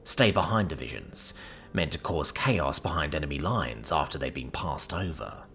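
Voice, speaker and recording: A man narrating a sci-fi story in a steady first-person storytelling manner. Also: very deep voice, husky. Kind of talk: scripted audiobook narration.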